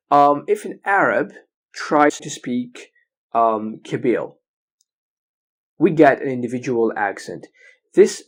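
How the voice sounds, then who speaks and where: A man's voice: mid-range voice, a little mellow. Man, lecturing, explains step by step, keeps asking "okay?". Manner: explains slowly, often checking with "okay?". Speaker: English teacher. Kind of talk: recorded lecture.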